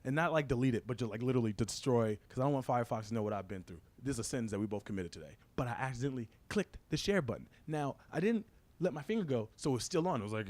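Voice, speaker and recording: A man's voice: medium pitch, expressive, darkish tone, dry recording. A young man doing a crude stand-up comedy routine, telling a story and tossing "right?" to the crowd. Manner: fast, crude storytelling with frequent "right?" asides.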